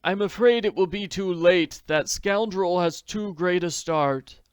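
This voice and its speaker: A man's voice: high-pitched, measured pace, smooth, dry recording, studio quality, voice pushed up. A man reading an audiobook, voicing an ailing, distressed middle-aged man in a pleading, overwrought manner. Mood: distraught. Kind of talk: audiobook character voice.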